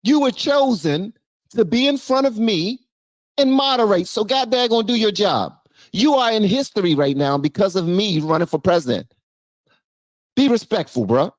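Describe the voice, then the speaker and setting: A woman's voice: mid-range voice, animated, moderate pace, no echo. A woman reacting in casual chat, exasperated and rambling.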